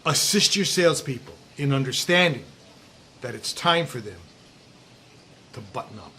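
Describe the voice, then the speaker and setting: A middle-aged man coaching sales managers in a bright, forceful voice, leaning hard on key words and slowing to stress them. He is outdoors, with a faint breeze rustling behind him. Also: medium pitch, animated. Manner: emphatic, drawn-out stresses, drops to near whisper at times. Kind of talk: direct-to-camera coaching talk. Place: outdoors in a breezy warm place. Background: wind noise.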